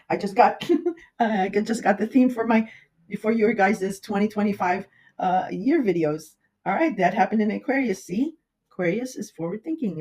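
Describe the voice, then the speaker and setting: A woman's voice: on the low side, darkish tone. A woman astrologer giving a casual horoscope reading, emotional and rambling, with many fillers.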